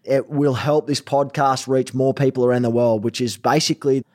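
A young man with an Australian accent hosting a casual podcast interview, energetic and chatty with plenty of slang. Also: mid-range voice, normal speed. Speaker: podcast host. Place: Los Angeles.

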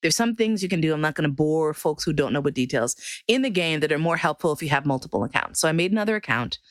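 A woman's voice: sits low, animated, fast talker, no room sound, studio quality. A woman performer telling a personal story in a casual way, laughing often and swearing casually.

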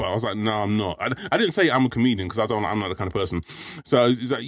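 A male comedian sits in as a guest on a casual pub podcast. His pitch is middling and he tells his stories loosely, repeating words and starting sentences over. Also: animated, brisk. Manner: anecdotal, repeats words, restarts often.

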